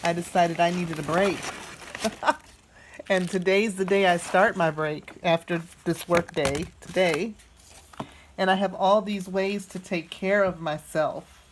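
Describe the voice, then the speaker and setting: Woman, unboxing vlog, slow and soft-spoken, grateful, lowish voice. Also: steady tone, noisy background. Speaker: vlogger unboxing a gift. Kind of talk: casual unboxing narration.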